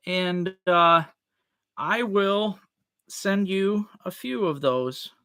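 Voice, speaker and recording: A man's voice: high voice, lively intonation, drawn-out words, pushed and bright, smooth. A man hosting a casual live-stream auction, calling out bids over and over, chuckling and greeting viewers by name. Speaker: livestream host running a tackle auction.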